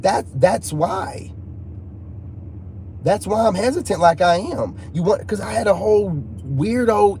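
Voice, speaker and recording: A high-pitched yet dark-toned male voice belongs to a channel host recounting a personal story to viewers. He talks casually and emphatically, packed with slang and repeats, over faint background noise.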